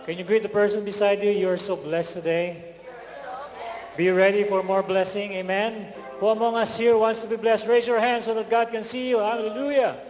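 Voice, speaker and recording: Male guest preacher, high voice, energetic call-and-response, echoey hall recording. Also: moderate pace, soft background music. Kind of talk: sermon. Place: large hall. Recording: echoey hall with faint noise.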